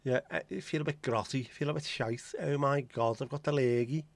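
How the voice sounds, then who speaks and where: A man's voice: mid-range voice, fairly quick, creaky, dry recording. A man with a Liverpool accent hosting a casual livestream chat, joking, swearing freely and greeting viewers by name. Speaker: livestream host.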